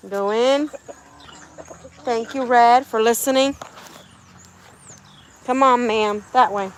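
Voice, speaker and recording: Brief: high, unhurried woman vlogger coaxing chickens into a backyard coop, faint birds and outdoor sounds around. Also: a little hiss or hum. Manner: coaxing, talks to her animals. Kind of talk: casual vlog chat.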